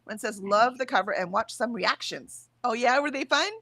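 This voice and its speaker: A woman talks her way through viewer comments on a home livestream, chatty and quick to laugh. Her pitch sits a little high and swings about a lot. The sound is close and dry. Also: no echo. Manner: chatty, lively, laughs often. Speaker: livestream host. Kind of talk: casual livestream chat reading out comments. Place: home, in bed.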